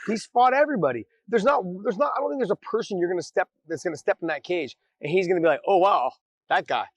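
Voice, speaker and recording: Male podcast co-host: high voice, rambling delivery, dry close mic. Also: lively intonation, fast talker, no room sound. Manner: rambling, restarts phrases, laughs easily. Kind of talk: casual chat.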